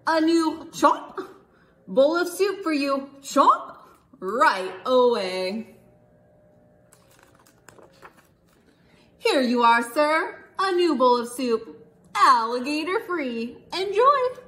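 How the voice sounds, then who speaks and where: A woman's voice: high voice, big pitch swings, slow pace, fairly bright tone, heavily acted. A woman voicing a polite, formal male waiter in a fine restaurant, speaking in a courteous, prim manner.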